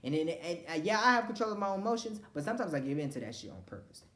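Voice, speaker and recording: A woman's voice: lowish voice, very animated, racing, a bit bright, reverberant. A woman ranting casually to camera, blunt and profane, acting out what other people said. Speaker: vlogger.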